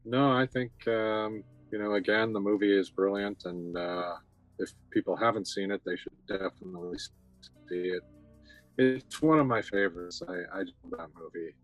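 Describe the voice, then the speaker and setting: Male podcast co-host, lowish voice, measured, lots of fillers. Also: muffled recording, faint music behind. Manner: brief agreeing replies, measured and hesitant when talking at length. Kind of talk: casual film chat.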